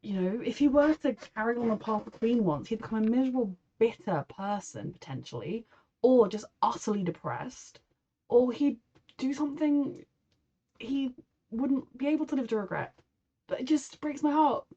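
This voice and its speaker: A woman's voice: fairly high pitch, animated, normal speed, mellow, lo-fi sound. A woman from England talking through a show reaction, emotional and rambling, slipping into mock voices to quote people. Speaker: reaction video host. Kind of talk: casual reaction commentary.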